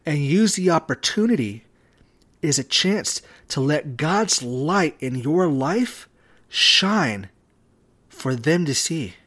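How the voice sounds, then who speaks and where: A man hosting a devotional podcast, speaking in a measured way with long pauses. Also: a little high, expressive, a bit bright. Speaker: podcast host. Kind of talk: devotional talk.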